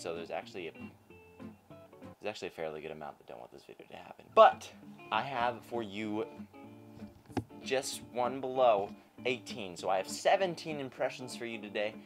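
A man's voice: on the low side, animated, fairly quick, over music. A young man hosting a comedy impressions video, chatting in a goofy, rambling, self-mocking way. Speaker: host. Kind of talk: casual vlog chat.

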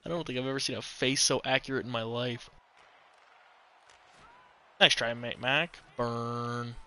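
A male streamer giving casual live commentary over a hockey game, excitable and swearing freely. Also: medium pitch, a little slow, clean tone.

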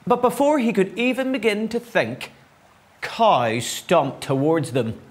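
A man reading a children's story aloud in an expressive, unhurried way. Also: high voice.

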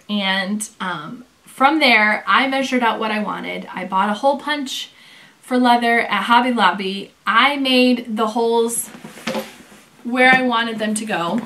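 Chatty woman with a raised voice for a casual review vlog, quoting people as she tells a story. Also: on the high side. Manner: chatty, animated storytelling with quoted dialogue. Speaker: leather bag reviewer.

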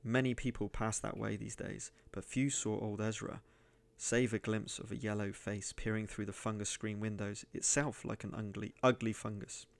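A man reading a dark adventure story aloud, measured and sometimes rising to loud declaiming. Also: fairly low pitch, little pitch movement, gravelly. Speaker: reader and gaming channel host.

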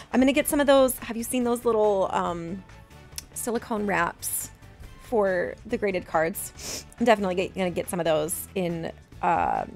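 A woman in her thirties chatting excitedly as she opens graded trading cards, gasping and repeating herself. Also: medium pitch. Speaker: card collecting vlogger. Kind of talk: excited unboxing chat.

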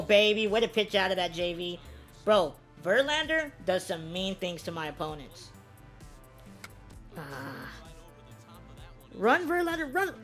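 Excitable woman calling her own game. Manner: excitable, yelling reactions between low-key play-by-play. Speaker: gaming video creator. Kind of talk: casual live game commentary.

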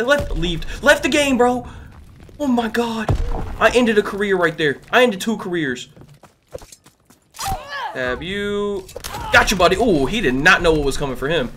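A man giving excitable, trash-talking commentary over his own gameplay, a little sick. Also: sits high, a little slow, long pauses, a little hiss or hum. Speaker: gaming YouTuber. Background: faint background music.

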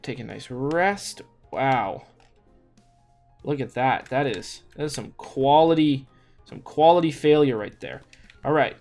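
A man narrates his own gameplay, muttering to himself in a mid-pitched voice. He stumbles, repeats himself and breaks into sudden exclamations, while faint music plays underneath. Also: measured pace, a little mellow. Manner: talks to himself with frequent restarts and exclamations. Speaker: gaming YouTuber. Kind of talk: let's play commentary. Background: faint background music.

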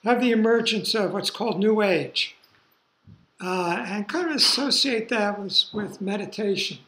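An older man giving a university lecture, rambling through relaxed asides with fillers. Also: high voice, unhurried. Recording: roomy lecture hall.

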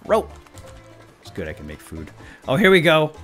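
A man commenting on his own gameplay while role-playing, excitable, breaking into loud yelps and dropping to whispers when sneaking. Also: fairly high pitch, normal speed, faint music behind. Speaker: gaming video host.

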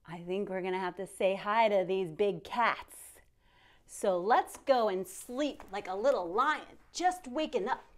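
A woman's voice: mid-range voice, animated, slow. A woman teaching yoga to young children, talking to them directly in a playful, encouraging way and telling a pretend story with gasps and exclamations. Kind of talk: guided kids yoga lesson.

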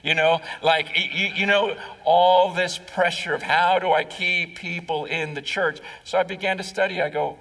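A man's voice: on the high side, a little slow, creaky, hardly any pauses, sharp tone. A male pastor preaching a conversational sermon, repeating words and acting out quotes. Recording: distant mic in a reverberant hall.

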